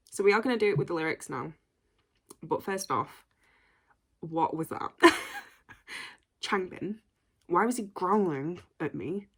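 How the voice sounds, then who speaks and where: A woman's voice: low voice, fairly bright tone, husky. A young British woman hosting a music reaction video, gushing and exclaiming as she talks. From Britain. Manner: gushing, exclaiming, laughing between remarks. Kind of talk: excitable music reaction chat. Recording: faint music behind.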